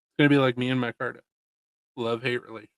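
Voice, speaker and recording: A man's voice: mid-range voice, little pitch movement, very fast, smooth, no echo, low-quality recording. A man hosting a casual livestream, chatting in a laid-back, rambling and jokey way. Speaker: livestream host. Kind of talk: casual chat.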